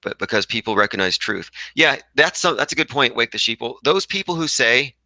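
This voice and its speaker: A man's voice: medium pitch, lively intonation, a little fast, bright, forceful tone, no echo, rough recording. A young man hosting a casual livestream, reading viewer comments aloud and rambling combatively. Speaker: livestream host reading chat.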